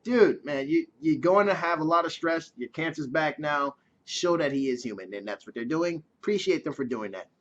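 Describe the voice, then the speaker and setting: Male reviewer, higher voice, casual and profane, dull lo-fi recording. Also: animated, normal speed, a bit bright. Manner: casual, chatty, swears freely. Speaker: TV episode reviewer.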